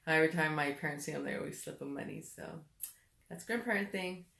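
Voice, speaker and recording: Lower, gravelly-voiced chatty mom. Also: female voice, quick pace, a bit bright. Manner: chatty storyteller, laughs easily. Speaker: vlogger, mother. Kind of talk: casual chat. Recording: echoey room.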